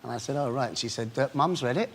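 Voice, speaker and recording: Animated man telling a wild story. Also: medium pitch, quick pace, slight background noise. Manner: animated, laughing through his story, acting it out. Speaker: guest. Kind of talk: anecdotal storytelling on a chat show. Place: television studio.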